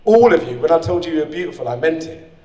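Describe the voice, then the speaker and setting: A man's voice: a little high, fast talker, distant mic, highs cut off. Rousing man in echoey hall. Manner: energetic, rousing, direct to the audience. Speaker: conference speaker. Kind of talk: motivational speech. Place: conference hall. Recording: echoey hall, speaker off-mic.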